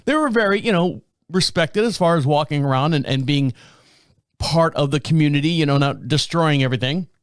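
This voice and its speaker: A male podcast host telling a story in a casual, animated way, chuckling and acting out what people said. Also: on the high side, a little fast, smooth, dry recording. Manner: animated, chuckling, acts out quotes.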